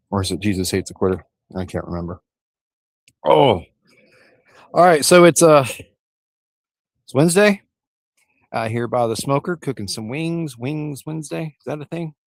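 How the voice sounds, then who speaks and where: Male streamer, mid-pitched, folksy and rambling, slightly out of breath, dry outdoor sound. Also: normal speed, pauses often, no room sound. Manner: rambling, folksy, addresses viewers as y'all. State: a little out of breath. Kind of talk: casual live-stream chat. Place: outdoors by a smoker.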